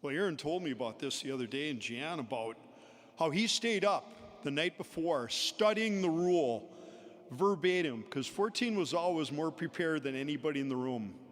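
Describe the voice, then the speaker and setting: A man shares anecdotes in a eulogy at a memorial held in a large indoor pavilion, chuckling between stories. He speaks at normal speed in an animated, slightly high voice, with the long reverb of a large venue.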